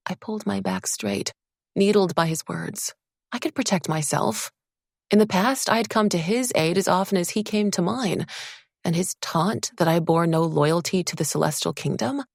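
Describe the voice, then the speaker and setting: A woman narrating a first-person fantasy audiobook in a measured, expressive storytelling manner. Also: lowish voice, gravelly, no room sound, studio quality.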